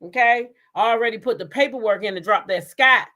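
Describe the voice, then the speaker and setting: A woman's voice: on the high side, a little fast, bright, forceful tone. A woman hosting a gossip live stream, talking bluntly and profanely and laughing often. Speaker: host of a gossip show. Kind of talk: casual live-stream commentary.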